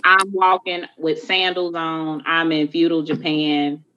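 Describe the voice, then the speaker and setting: A woman's voice: low voice, level tone, measured pace, bright, forceful tone, slight background noise. A woman hosting a podcast in casual chat, blunt, joking and profane. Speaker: podcast host. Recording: dull lo-fi recording.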